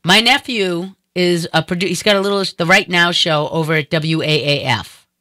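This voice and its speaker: A middle-aged woman from Boston with a Boston accent, hosting a casual chat in a blunt, animated way and swearing freely. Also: on the low side, moderate pace, no echo, clean studio sound. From Boston area, USA. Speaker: host.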